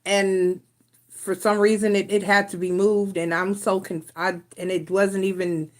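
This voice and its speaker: A woman's voice: lowish voice, fairly even intonation, a little slow. A woman hosting a casual live stream, rambling in a frustrated way with restarts and sighs. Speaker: tarot reader and live stream host.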